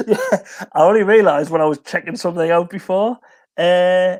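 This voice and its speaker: A man's voice: high-pitched, moderate pace, darkish tone. A man co-hosting a music live stream, chatting casually, rambling and laughing, and tired. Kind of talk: casual chat.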